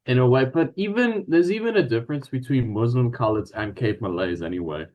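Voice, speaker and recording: A man's voice: medium pitch, animated, a little fast, lo-fi sound. Hesitant Afrikaans-accented man, swearing casually. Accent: Afrikaans South African. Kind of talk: casual chat.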